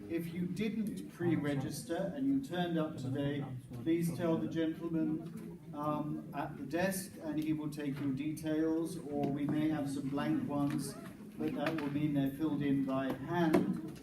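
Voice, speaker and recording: A man's voice: fairly high pitch, flat delivery, a little slow, a loud crowd. Man presenting a teaching workshop in an echoey room. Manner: explanatory, with hesitant restarts and fillers. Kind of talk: teacher-training workshop talk. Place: crowded room. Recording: echoey room, distant mic, noisy.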